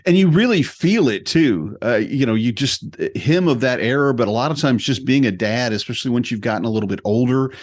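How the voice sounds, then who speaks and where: A man's voice: mid-range voice, a little fast, few pauses. A middle-aged man co-hosting a podcast, telling stories casually and acting out the lines of the people in them. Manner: animated storytelling, acts out quoted lines. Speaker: podcast co-host. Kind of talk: casual chat.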